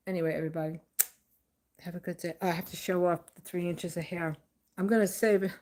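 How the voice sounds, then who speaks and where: A woman's voice: fairly low pitch, steady tone, brisk, a little mellow. A woman hosting her own channel, ranting in a blunt, profane, sarcastic way to her viewers. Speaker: channel host. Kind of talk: casual ranting vlog.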